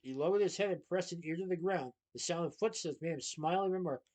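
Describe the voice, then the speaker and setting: Lively man reading a children's story. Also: a little high, fast talker. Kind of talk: reading a children's book aloud.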